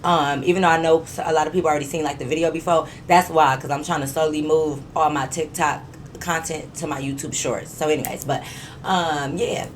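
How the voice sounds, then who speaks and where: Young woman, low voice, lively storytime chat, faint rumble behind. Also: a little fast. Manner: animated, laughing often, talks straight to viewers; profane and emphatic. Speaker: YouTuber telling a story. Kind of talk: casual storytime vlog.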